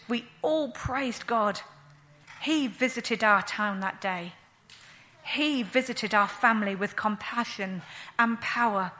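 A woman playing a grieving widowed mother, telling her story in a slow, earnest first-person monologue. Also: on the high side, pushed and bright. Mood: joyful.

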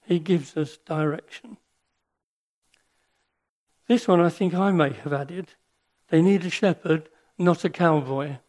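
Slow, earnest older man preaching. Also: on the high side, a little mellow. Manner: slow, earnest and reflective, with pauses and restarts. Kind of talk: sermon with personal stories.

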